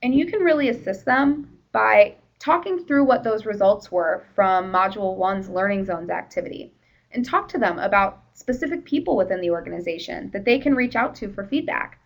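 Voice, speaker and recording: A woman's voice: mid-range voice, lively intonation, moderate pace, lo-fi sound. A woman presenting a workplace training session in a conversational, explanatory way, with the odd "you know".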